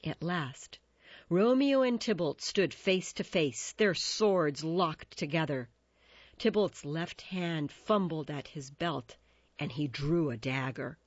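Woman storyteller, low-ish voice, slow and lively in pitch, dull dry recording. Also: dry recording. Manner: expressive, measured. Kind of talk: storybook narration.

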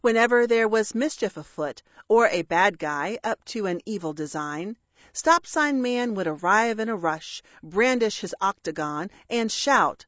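A woman reading a rhyming children's story aloud with a measured, expressive delivery. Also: medium pitch, no room sound, highs cut off. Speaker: narrator.

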